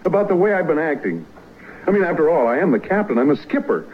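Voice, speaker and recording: A man's voice: a little high, big pitch swings, fast talker. An actor playing a blustery middle-aged ship captain in a 1960s sitcom, delivering his lines boldly and theatrically. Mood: resolute. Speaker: sitcom character. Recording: dull old TV audio.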